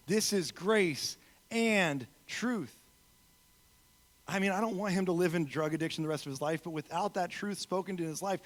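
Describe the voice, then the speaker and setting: A man giving a sermon as a guest speaker in a church, telling stories with acted-out quotes, swinging from loud emphasis to soft, quiet moments. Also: fairly high pitch. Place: church sanctuary.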